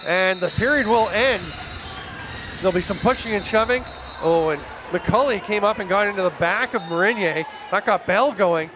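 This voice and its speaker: A man calling lacrosse play-by-play on a game broadcast, with rapid, excitable calls of the action. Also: high voice, dull audio. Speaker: play-by-play commentator.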